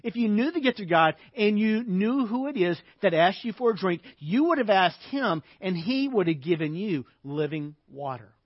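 Calm, earnest male teacher, measured and inviting, read by a preacher in his own higher-pitched voice. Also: no echo, muffled recording.

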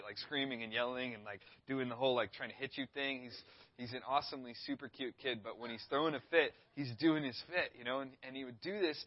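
A man in his thirties, a youth pastor, preaching a sermon with a relaxed storytelling manner. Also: mid-range voice, no echo, highs cut off. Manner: laid-back, storytelling, acts out quoted voices.

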